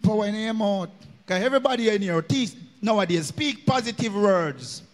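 A man's voice: sits high, animated, normal speed, big-room sound. A man with a Jamaican accent preaching a sermon in a church, slipping into patois and chanting his lines in a sung cadence. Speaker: minister.

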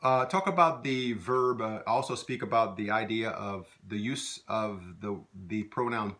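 A man teaching a video language lesson, patiently repeating phrases slowly for learners to copy. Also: lowish voice, sharp tone.

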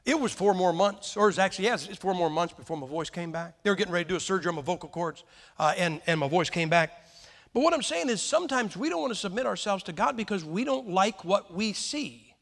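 High-voiced preacher in a reverberant hall. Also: male voice, lively intonation, quick pace, vocal fry, a bit bright. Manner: folksy storytelling with questions to the congregation. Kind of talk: sermon.

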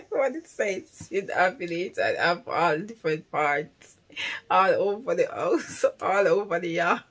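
A woman hosts a reaction video and breaks into laughter between her short remarks. She speaks very slowly in a husky voice, and her pitch swings widely. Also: big pitch swings, fairly bright tone. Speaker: reaction channel host. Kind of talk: reaction commentary.

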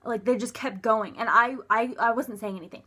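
Young woman, breathy husky voice, halting personal storytelling, many restarts and fillers, drops near a whisper. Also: a little high, bright, forceful tone. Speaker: vlogger.

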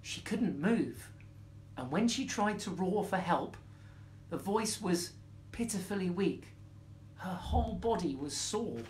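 A man reading a bedtime story aloud in an expressive, playful way. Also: high voice, slow pace, pauses often, a little hiss or hum.

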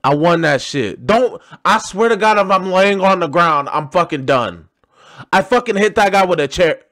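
A man commentating his own wrestling game playthrough with profane, excitable trash talk. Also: sits high, normal speed, no echo. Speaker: gaming channel host. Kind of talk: let's play commentary. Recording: game music behind.

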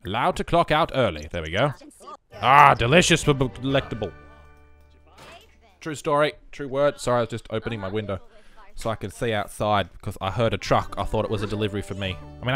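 An excitable man, rambling through casual gameplay commentary and bursting into shouts. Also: lowish voice, fast, soft background music. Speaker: game streamer.

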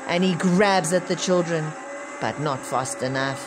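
A woman reading a children's picture book aloud, with measured, expressive storytelling. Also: fairly low pitch, background noise. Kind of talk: children's read-aloud narration. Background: music.

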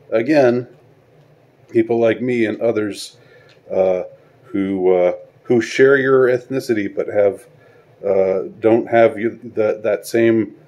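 A man delivering a spoken video monologue, halting and searching for words, with sarcastic rhetorical questions. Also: lowish voice, mellow, muffled recording. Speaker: online commentator.

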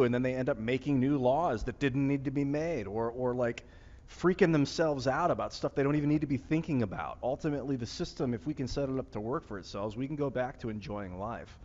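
A man's voice: mid-range voice, a little mellow, long reverb tail, lo-fi sound. A man with a Northeast Ohio accent, vlogging in a musing, meandering chat full of fillers and restarts, outdoors on a rooftop. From Northeast Ohio, USA. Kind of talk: casual rambling monologue. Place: outdoor rooftop among plants.

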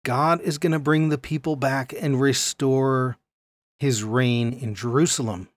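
A man teaching a Bible lesson on video in an animated way, often checking in with his listeners. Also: mid-range voice, measured pace, dry recording.

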